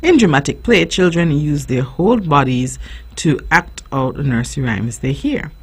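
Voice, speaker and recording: A woman's voice: deep voice, lively intonation, normal speed, breathy edge. Radio host lady explaining stuff to parents, earnest, lots of ums. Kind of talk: informational radio talk for parents. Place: radio studio.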